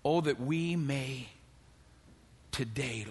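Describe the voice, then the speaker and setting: An older man preaching a dramatic sermon in church, dropping to hushed tones and building to loud calls for praise. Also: mid-range voice, a little slow, big-room sound. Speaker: pastor.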